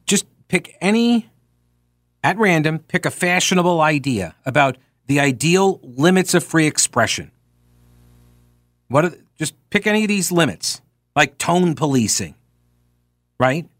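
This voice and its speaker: A man's voice: fairly high pitch, expressive, unhurried, pauses often, a bit bright, dry recording, studio quality. A man hosting talk radio, talking casually and reading quoted passages with sarcastic asides.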